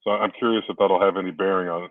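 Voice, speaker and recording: Low-voiced man on a tinny phone line. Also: fairly even intonation, quick pace, no echo. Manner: brief reactions, follows up on news. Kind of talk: casual chat.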